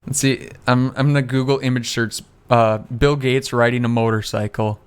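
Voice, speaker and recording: A man's voice: medium pitch, steady tone, moderate pace, smooth. A man co-hosting a podcast in casual chat, rambling with lots of fillers and laughing often. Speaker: podcast co-host.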